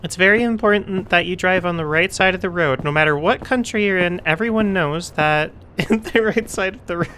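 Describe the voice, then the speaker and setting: A woman's voice: lowish voice, moderate pace, few pauses, a bit bright, a little hiss or hum. A woman casually commenting while she plays a video game, goofy and chatty, joking with the characters. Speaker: game streamer. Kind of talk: let's play commentary.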